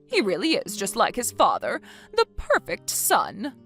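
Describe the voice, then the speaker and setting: A woman's voice: medium pitch, wildly swooping pitch, unhurried, a bit bright, soft background music, exaggerated voice. A woman voicing a bossy, nagging mother-in-law who scolds and belittles, in a text-story dramatization. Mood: scolding.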